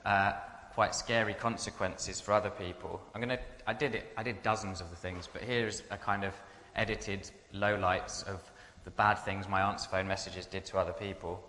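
A man's voice: sits low, fairly even intonation, moderate pace, few pauses, pushed and bright, a little hiss or hum. Man telling funny stories in a hall. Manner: chatty, self-mocking, breaks into laughter. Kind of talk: humorous anecdote told to an audience. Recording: echoey hall with long reverb.

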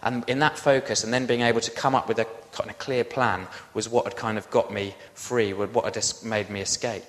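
A man, a pastor, telling a personal story in a sermon with lively, self-deprecating asides. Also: lowish voice, brisk, hardly any pauses, long reverb tail.

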